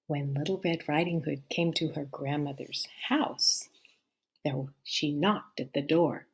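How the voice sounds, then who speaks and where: A woman reading a children's story aloud, stopping to ask the listening children questions and often dropping to a hush. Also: low voice, takes it slowly.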